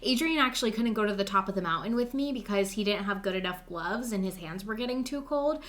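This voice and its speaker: A young woman co-hosts a podcast, her medium-pitched voice lively, quick and a little bright. She tells a story in an upbeat, chatty way, sprinkling in lots of "like" and acting out the quotes.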